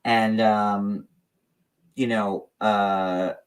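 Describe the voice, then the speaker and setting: A man's voice: lowish voice, little pitch movement, very slow, recorded from a distance. A man hosting a casual gossip livestream, talking in a chatty, meandering way with lots of fillers. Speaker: show host.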